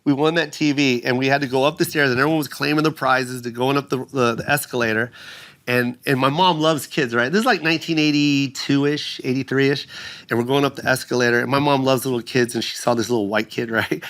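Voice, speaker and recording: A man in his fifties, a guest comedian telling stories on a podcast in an animated, profane way. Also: medium pitch, fairly quick. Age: 50s. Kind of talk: podcast conversation.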